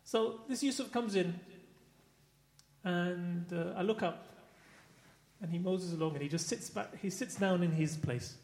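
A middle-aged man, a mosque teacher telling a lively anecdote and acting out the dialogue. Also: high-pitched, a little slow. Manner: lively storyteller, acts out dialogue. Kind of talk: anecdotal storytelling. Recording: echoey room.

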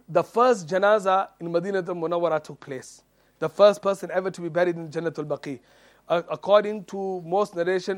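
High-voiced man telling a sermon story. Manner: animated retelling, acts out quoted dialogue, many fillers. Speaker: Islamic preacher.

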